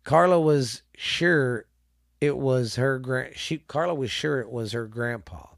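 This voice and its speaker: A man hosting a podcast, reading ghost stories aloud in a halting, casual way with many restarts. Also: medium pitch, creaky, no room sound, clean studio sound.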